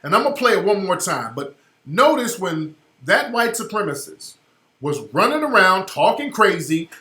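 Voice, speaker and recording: A man hosting a radio show, giving emphatic, slangy commentary over a video clip. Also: sits high. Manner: emphatic, slangy, rising loud when worked up. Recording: roomy echoey sound.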